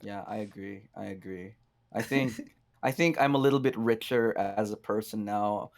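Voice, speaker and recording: A man casting an esports match, mixing play-by-play with wry, deadpan jokes. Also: fairly low pitch, normal speed. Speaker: esports caster. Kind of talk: play-by-play commentary and banter.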